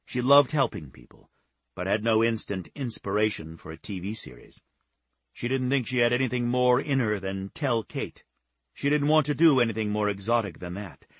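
A male audiobook narrator reads a novel in a calm, even storytelling voice. His tone is low and husky, recorded close on a dry, dead studio mic. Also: dry recording. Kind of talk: scripted narration.

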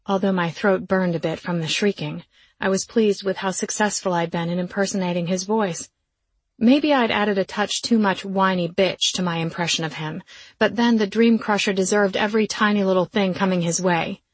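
A woman narrates a first-person audiobook with a wry, sardonic touch. Her voice is slightly husky, at a middle pitch, and the recording is dry and close. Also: no echo.

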